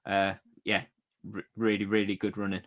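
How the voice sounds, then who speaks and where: A man's voice: fairly low pitch, monotone, normal speed. A man co-hosting a running podcast, asking questions and cheering others on in a casual chat. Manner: supportive, asks questions, laughs along. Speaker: podcast co-host.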